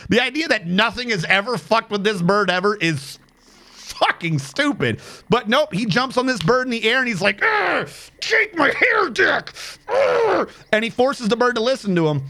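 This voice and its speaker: A man with a high-pitched, sharp voice streams a game, chatting casually. His commentary rambles, is profane, and includes counting under his breath as he plays.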